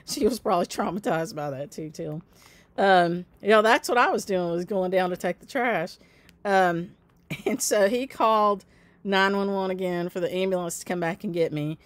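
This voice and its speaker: In a dry recording, a woman in her fifties speaks at a moderate pace with a medium-pitched voice. She runs a stitching channel and casually tells viewers a long personal story, laughing a lot and answering comments by name.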